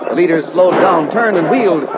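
A man narrating an old radio drama in a rapid, breathless storytelling manner. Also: sits high. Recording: muffled old radio with loud crowd and noise.

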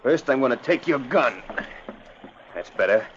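Man playing a gruff outlaw boss. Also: medium pitch, expressive, measured pace, natural voice. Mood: threatening. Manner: gruff and threatening. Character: tough, bossy male outlaw gang leader. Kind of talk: 1950s radio drama acting. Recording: dull old radio recording with faint hiss.

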